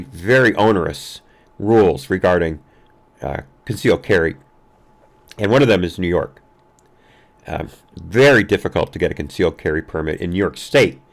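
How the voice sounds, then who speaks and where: A man's voice: low voice, lively intonation, creaky. A man hosting a live-streamed news commentary show, talking casually with frequent fillers and restarts. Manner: halting, many fillers and restarts.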